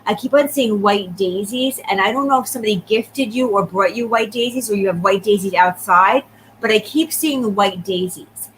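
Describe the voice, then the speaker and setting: A woman giving a live psychic reading, talking quickly and checking in often with the person she reads for. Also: medium pitch, a little hiss or hum, rough recording. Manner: rapid, repeatedly checking in with the sitter. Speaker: psychic medium.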